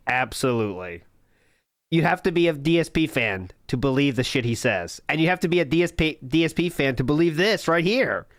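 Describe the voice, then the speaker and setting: A man's voice: a little high, expressive, normal speed, dry recording. Sarcastic male streamer, dry sound. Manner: sarcastic, mocking. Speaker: streamer reacting to clips. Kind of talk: live stream commentary.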